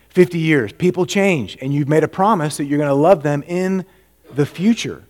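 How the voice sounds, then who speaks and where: A man preaching a sermon as a pastor, earnest and full of rhetorical questions, dropping to a hush and then rising to emphatic points. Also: fairly high pitch, fairly quick.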